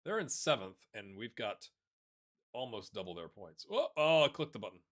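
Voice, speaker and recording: Lively bright-voiced man commentating a game. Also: fairly low pitch, normal speed. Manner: excitable, chatty, talks to viewers and players as lads. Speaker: gaming YouTuber. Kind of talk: casual let's-play commentary.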